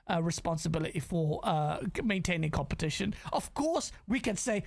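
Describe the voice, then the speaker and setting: Man, podcast host, animated ranting, restarts, high voice, gravelly fry. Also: fairly quick, few pauses. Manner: animated ranting, swears freely, stumbles over restarts. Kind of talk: casual podcast chat.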